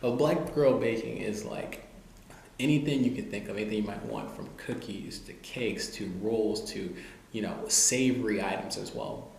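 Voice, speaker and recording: A man talking casually to the camera as a vlogger, relaxed and loose, with lots of "you know" and "like". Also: on the low side, normal speed, vocal fry. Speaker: vlogger reviewing cookbooks. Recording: very echoey room, faint noise.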